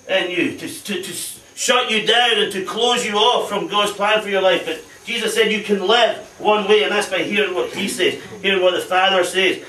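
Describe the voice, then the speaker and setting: A man's voice: high voice, normal speed, hardly any pauses, bright, forceful tone, far from the mic. A man preaching a fervent sermon, calling out hallelujahs and amens along the way. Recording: echoey hall, voice off-mic.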